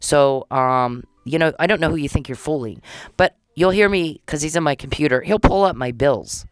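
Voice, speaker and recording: Agitated woman ranting, smooth dry voice. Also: deep voice, moderate pace, no room sound. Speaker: podcast host. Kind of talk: solo podcast monologue.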